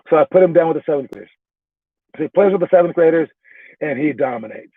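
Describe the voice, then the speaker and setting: A man's voice: a little high, animated, fast talker, long pauses, dry recording. A young adult male basketball coach recapping a training session and telling a story in a casual, chatty way, with fillers and restarts. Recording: tinny phone-like sound.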